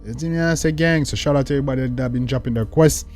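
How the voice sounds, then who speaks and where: A man's voice: mid-range voice, racing, darkish tone. A young man with a Jamaican accent hosting a music reaction, slangy and talkative, full of catchphrases. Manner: slangy, repeats "you see me" and "dog", exclaims with outbursts. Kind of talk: casual reaction commentary. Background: faint music.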